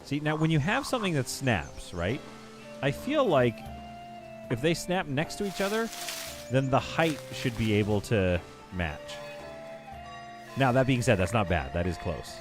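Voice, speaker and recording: Male streamer, relaxed banter, thinks aloud and restarts often, animated delivery over game music. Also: medium pitch, measured pace. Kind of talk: casual live-stream commentary while playing. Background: background game music.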